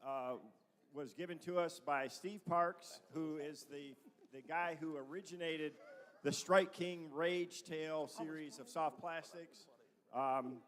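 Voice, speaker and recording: A man at a live event casually describing an auction item, relaxed and halting with fillers. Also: fairly high pitch. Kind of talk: casual presentation. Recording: long hall reverb.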